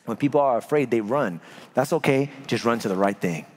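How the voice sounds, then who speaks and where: A man preaching a sermon as pastor, telling stories with big swings from loud to hushed. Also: medium pitch, lively intonation, a little fast, a little hiss or hum. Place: church.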